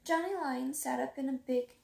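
Woman reading a kids book out loud, high voice, bit of fry, echoey room. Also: moderate pace, far from the mic, slight background noise. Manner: lively, plays up sound words and dialogue. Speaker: reader. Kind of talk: children's storybook read-aloud.

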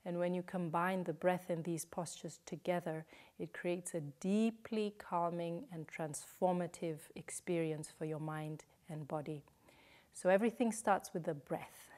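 A woman guiding a yoga class, speaking slowly and soothingly, with some cues whispered. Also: lowish voice, a little mellow. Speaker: yoga teacher. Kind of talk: guided yoga instruction.

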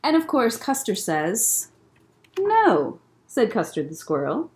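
A woman's voice: mid-range voice, a little slow. A young woman, a children's librarian, chatting to young children and reading a picture book aloud at a library story time. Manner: animated, bouncy delivery. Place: in a public library.

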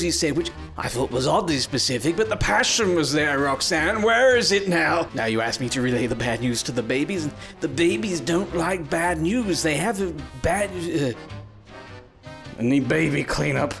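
Young male gaming host with a raspy, slightly high voice, playing it melodramatic and snippy over his gameplay. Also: lively intonation, normal speed, over music. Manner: mock-dramatic, theatrical scolding with sudden pitch swings. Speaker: gaming YouTuber. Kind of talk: comedic VR gameplay commentary.

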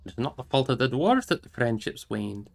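A man's voice: medium pitch, sing-song, a little fast, vocal fry. A man voicing a proud, defensive male dwarf warrior in an audiobook reading.

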